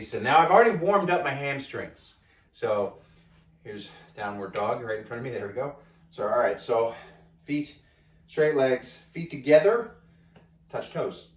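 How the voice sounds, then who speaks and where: A man's voice: mid-range voice, roomy sound. A man with an Australian accent, filming a casual workout vlog, whining and groaning as he strains through stretches, a bit out of breath. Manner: whiny, self-mocking, groaning through stretches. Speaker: fitness vlogger.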